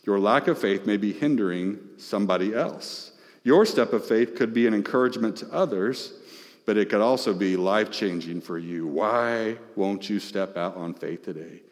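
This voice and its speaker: A man's voice: lowish voice, normal speed. A male pastor preaching an impassioned sermon, calling out to the congregation with rising and falling delivery. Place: church sanctuary. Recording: reverberant church hall.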